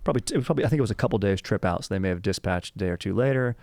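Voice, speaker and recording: Casting: young male podcast host, low gravelly voice, dry close mic, loose joking delivery. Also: expressive, rapid-fire, a little mellow, no room sound. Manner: rambling, joking, self-interrupting. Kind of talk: casual history podcast chat.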